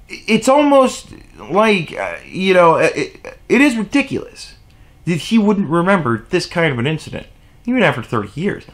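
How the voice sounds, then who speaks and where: Guy venting on his vlog, high voice, swears a lot, sarcastic, all over the place in pitch. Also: huge pitch swings, moderate pace. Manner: profane, exasperated ranting; sarcastic, mocking asides. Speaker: vlogger. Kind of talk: opinion vlog rant.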